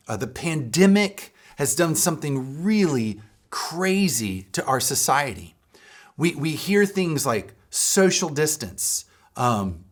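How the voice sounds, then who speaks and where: A man preaching a sermon as a pastor at a church, earnest and fond of repeating key phrases for emphasis. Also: fairly high pitch.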